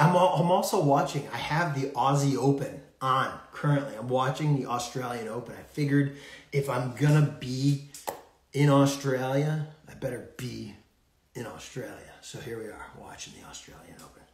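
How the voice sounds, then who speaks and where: A man's voice: mid-range voice, a little hiss or hum. Chatty laughing man in an echoey room. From United States. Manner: chatty, rambling, laughs often. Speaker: podcast host. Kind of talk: casual live stream chat. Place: far-off room in a hotel.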